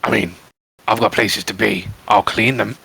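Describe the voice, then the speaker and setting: A man answers in character with dry, cheeky retorts. His lowish voice is very husky and heavily gravelly, recorded close and dry. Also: fairly even intonation, normal speed, bright, forceful tone. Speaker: player. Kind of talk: in-character tabletop play.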